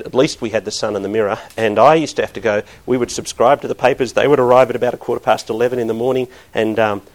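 A middle-aged man preaching a sermon, earnest and building to emphatic bursts. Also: mid-range voice.

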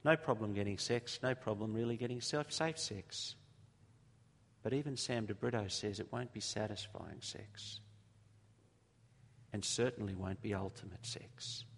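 A middle-aged Australian man preaching a sermon, telling stories and repeating phrases for emphasis, slowing down on key points. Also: on the low side, vocal fry. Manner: storytelling, emphatic repetition, slows down for key points. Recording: long reverb of a large hall.

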